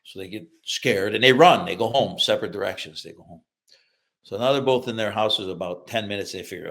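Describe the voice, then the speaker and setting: Gravelly older man telling childhood stories. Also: lowish voice, brisk, slight background noise. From upstate New York, USA. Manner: lively anecdotes, acts out quoted voices, laughs through punchlines. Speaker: author and guest. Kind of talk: storytelling in a podcast interview.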